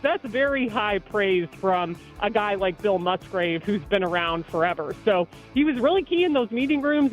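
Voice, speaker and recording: Measured woman sports reporter. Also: medium pitch, poor audio. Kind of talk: radio interview clip.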